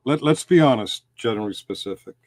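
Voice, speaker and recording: A man's voice: medium pitch, lively intonation, fast talker, dry recording. Mocking man on an online panel. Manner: mocking and goading, sing-song taunts. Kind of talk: heated online argument.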